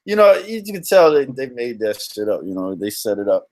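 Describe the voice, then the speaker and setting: A man's voice: medium pitch, sing-song, normal speed, a little mellow. A young man hosting a casual live stream, talking in loose slang, laughing often and greeting viewers as they join.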